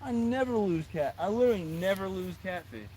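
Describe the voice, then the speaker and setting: A man's voice: sits high, lively intonation, a little fast, a little mellow, slight background noise. Exasperated young man fishing outdoors. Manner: exasperated, repeats himself, talks to chat. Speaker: fishing streamer. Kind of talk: casual live-stream chat. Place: outdoors by water.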